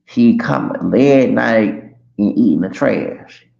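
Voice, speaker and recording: A man's voice: mid-range voice, slow pace, vocal fry, darkish tone. A man telling a long, rambling story on a livestream, cursing freely and talking to his viewers as y'all. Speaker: streamer. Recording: echoey room, dull lo-fi sound.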